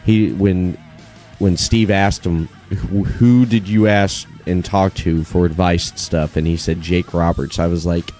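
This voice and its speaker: A man's voice: low voice, steady tone, a little slow, darkish tone, faint music behind. A man hosting a podcast in casual wrestling chat, easygoing, laughing often and repeating his phrases. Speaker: podcast host.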